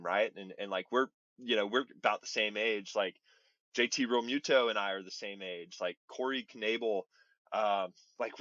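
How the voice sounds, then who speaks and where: A man in his thirties, a baseball pitcher telling his story as a podcast guest in an earnest, rambling way, full of "like" and "you know". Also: fairly bright tone, dry recording, lo-fi sound. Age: 30s. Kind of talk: casual interview storytelling.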